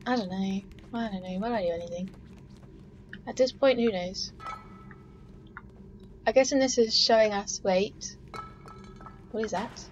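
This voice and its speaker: A woman with a mid-range voice plays through a game, chatting to herself in an unhurried way with frequent pauses, swearing and exclaiming often. She comes across as a let's play gamer giving casual gameplay commentary. The dull lo-fi mic picks up steady background noise.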